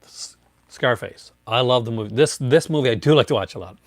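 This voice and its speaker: A man's voice: mid-range voice, fairly quick. This is a man in an easygoing show-and-tell, chatting loosely, chuckling often and calling out to viewers by name. His voice sits in a middling register. The sound is dry and close, with no room echo. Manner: chatty, rambling, laughs often, greets viewers. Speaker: collector showing his discs. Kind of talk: casual livestream show-and-tell.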